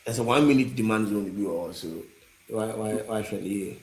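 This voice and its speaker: A man's voice: lowish voice, fairly quick. Man rambling in an echoey room. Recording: roomy echo, faint background noise.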